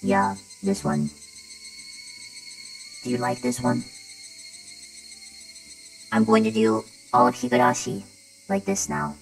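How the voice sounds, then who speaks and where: Slow-talking playful woman streamer. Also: deep voice, lively intonation, vocal fry, faint music behind, poor audio. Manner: playful, testing voice filters. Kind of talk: casual stream chat.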